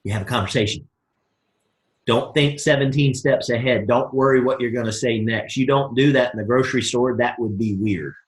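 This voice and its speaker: A man's voice: medium pitch, moderate pace. Upbeat man running a team call, folksy, plays out mock dialogues, roomy echo. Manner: energetic, folksy, acts out both sides of dialogues. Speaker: network marketing team leader. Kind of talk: live motivational coaching call.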